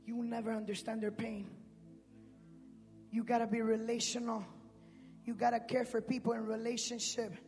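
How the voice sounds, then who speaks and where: High-voiced preacher shouting in a reverberant hall. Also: male voice. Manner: swings between shouting and hushed speech; street-slang preaching. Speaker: pastor. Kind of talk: sermon. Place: church sanctuary.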